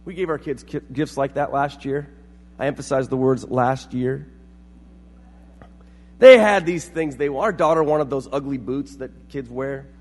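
A man's voice: medium pitch, normal speed, hardly any pauses, a little mellow, long reverb tail. A middle-aged man preaching a sermon as pastor, telling family stories and acting out quotes. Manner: storytelling with acted-out quotes.

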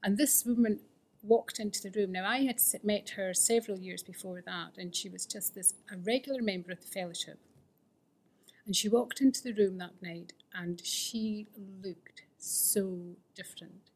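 A woman with a husky, breathy voice gives a candid recovery testimony. She speaks earnestly and often lets her voice fall to a near-whisper. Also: medium pitch, normal speed, darkish tone. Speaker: fellowship member sharing her recovery story.

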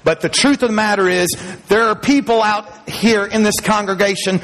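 A man preaching a sermon to a congregation in church, speaking emphatically, rising in pitch and loudness as he builds each point and chuckling between them. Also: fairly even intonation, moderate pace. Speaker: pastor. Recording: long hall reverb.

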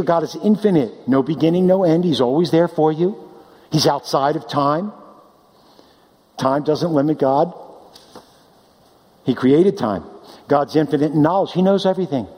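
A man preaching a sermon, animated, swinging between loud high declaiming and quiet low asides. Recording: long hall reverb.

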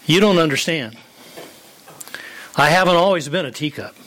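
A man's voice: fairly high pitch, expressive, moderate pace, fairly bright tone. A man voicing a talking clay teacup from a story, who pleads and cries out as it suffers. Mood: plaintive.

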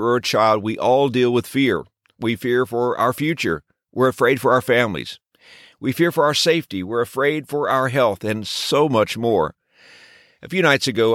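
Gentle, reassuring male devotional podcaster. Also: medium pitch, no room sound, studio quality. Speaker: podcast host.

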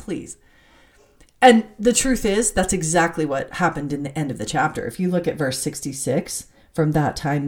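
A woman teaching from the Bible in an animated, excitable way, laughing as she reads scripture aloud. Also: on the low side.

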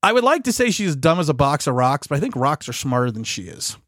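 A man's voice: a little high, very animated, fast, fairly bright tone, no echo, studio quality. A man hosting a political commentary show, talking in an indignant way and often restarting his sentences.

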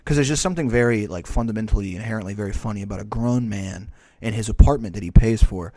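A man's voice: on the low side, fast, dark tone, dry recording. A man co-hosting a podcast, telling a rambling, profanity-heavy story in casual chat. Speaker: podcast co-host.

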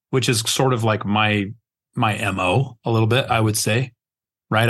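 A man's voice: lowish voice, steady tone, moderate pace, a bit bright. A man hosting a podcast conversation, talking in a rambling, emphatic way, restarting often as he searches for words and swearing casually. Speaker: podcast host.

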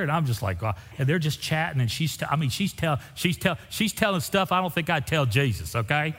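A man's voice: fairly quick, few pauses. A pastor preaching a sermon, telling folksy stories with big swings in his voice. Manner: folksy storytelling with lively swings in pitch. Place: church sanctuary. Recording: echoey hall with long reverb.

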